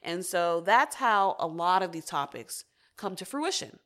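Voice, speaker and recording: A woman's voice: fairly low pitch, sing-song, a little slow, a bit bright. A young woman hosting her own podcast, talking candidly and casually, with frequent swearing. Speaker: podcast host. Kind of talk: casual solo podcast talk.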